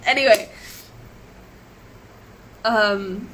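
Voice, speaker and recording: A woman's voice: fairly high pitch, lively intonation, normal speed, background noise. An upset, emotional woman recounting events on a live stream, rambling and restarting her sentences. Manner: rambling, repeats and restarts herself. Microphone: webcam or phone on a live stream.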